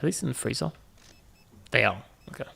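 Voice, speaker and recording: A man's voice: medium pitch, animated, fairly quick, gravelly, bright, forceful tone, breathy edge. A man hosting a gaming video, giving casual running commentary with joking asides to viewers. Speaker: gaming channel host.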